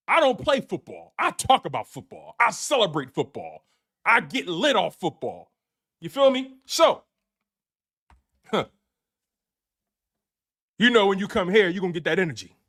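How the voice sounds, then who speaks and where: Hyped man host with lively high voice. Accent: Philadelphia. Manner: hyped, laughing, repeats himself, slangy. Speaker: sports show host. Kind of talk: excited live post-game rant.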